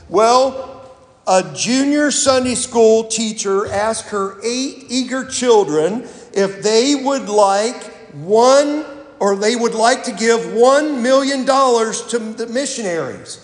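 A male pastor with a fairly high voice delivers a sermon at an unhurried pace, pausing often between phrases. His voice rings through a roomy church with a long, echoing reverb. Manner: slow, deliberate delivery with pauses. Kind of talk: sermon with scripture reading. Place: church sanctuary.

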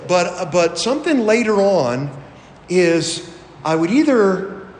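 A man's voice: sits high, sing-song, slow, a little hiss or hum. A middle-aged male pastor preaching a sermon in a folksy, rambling way, with fillers and small chuckles. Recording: echoey hall with long reverb.

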